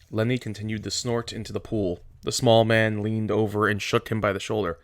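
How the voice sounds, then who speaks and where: Gravelly male teacher reading aloud. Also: fairly low pitch, a little fast, hardly any pauses, no echo, studio quality. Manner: steady, plain storytelling.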